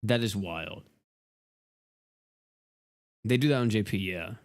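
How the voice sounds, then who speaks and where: A man's voice: fairly low pitch, slow. A young man livestreaming a game, rambling casually and exasperatedly to his chat viewers.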